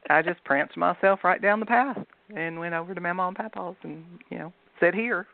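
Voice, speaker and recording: Gravelly-voiced Southern woman telling stories on a phone line. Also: fairly low pitch, fairly quick, dry recording. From Southern United States. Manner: chatty, laughs often while telling stories. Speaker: author and guest. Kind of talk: casual storytelling interview.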